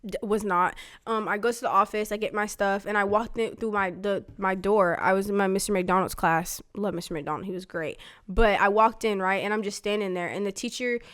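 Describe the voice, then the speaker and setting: A young woman from Florida casually recounting her past, animated and laughing, acting out the voices of the people she quotes. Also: mid-range voice, fairly quick, clear, resonant tone. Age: young adult. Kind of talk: casual storytelling conversation.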